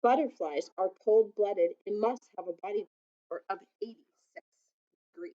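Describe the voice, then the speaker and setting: A woman reading a children's picture book aloud, gently adding asides that explain things to young listeners. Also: mid-range voice, normal speed, dull audio.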